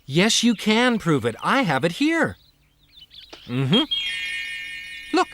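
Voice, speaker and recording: Calm, easygoing cartoon wanderer woman voicing, very animated pitch, dry studio. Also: slow pace, no echo, faint music behind, exaggerated voice. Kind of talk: dubbed cartoon voice acting.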